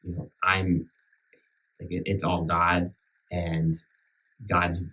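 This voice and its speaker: A man with a country accent talks casually on a church podcast. His voice sits very low, and he circles back over his words with fillers and restarts. He is recorded at a slight distance from the mic. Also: little pitch movement, sharp tone. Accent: rural American country. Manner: halting, many restarts and fillers, earnest. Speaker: minister back from sabbatical.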